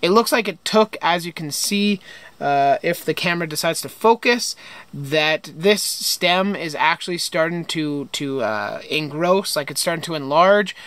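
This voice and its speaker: A man's voice: fairly high pitch, expressive, a little slow, a bit bright, clean tone, dry recording. A young man casually touring his home greenhouse, chatting with enthusiasm and frequent fillers. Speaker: greenhouse vlogger. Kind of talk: casual plant tour.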